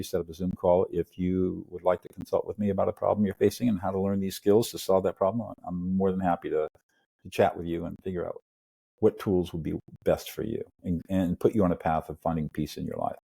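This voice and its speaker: An older man, a mediator and podcast guest, telling stories in an earnest, animated way and acting out little scenes. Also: low-pitched, brisk, vocal fry. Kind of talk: storytelling interview talk.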